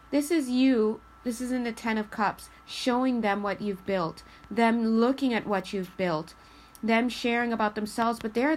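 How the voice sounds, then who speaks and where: A woman's voice: medium pitch, a little hiss or hum, rough recording. A woman with a congested, snuffly voice giving a casual tarot reading, chatty and acting out little scenes. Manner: chatty, acts out little scenes, laughs often. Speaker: tarot reader.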